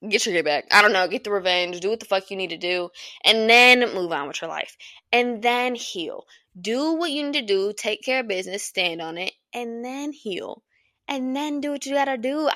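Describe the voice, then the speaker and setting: Solo podcast host, woman in her twenties, bright and blunt, dry close sound. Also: lowish voice, no echo. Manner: blunt, profane, rambling with bursts of laughter. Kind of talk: casual solo podcast monologue.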